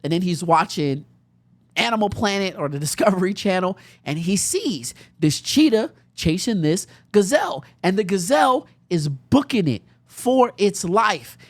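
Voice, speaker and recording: Woman, young adult, podcast host, storytelling, conversational, very expressive pitch. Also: normal speed, dry recording. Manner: animated, conversational, laughs while telling stories. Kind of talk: personal storytelling monologue.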